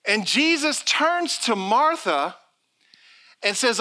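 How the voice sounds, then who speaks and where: A man's voice: high-pitched, measured pace, pauses often. A middle-aged man preaching a sermon as pastor, telling stories and acting out the people in them. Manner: animated storytelling preacher, acts out quotes.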